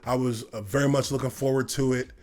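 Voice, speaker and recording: A man in his thirties telling a personal story in casual talk, relaxed and rambling with lots of fillers. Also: medium pitch, fast. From United States. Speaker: former football player telling his story.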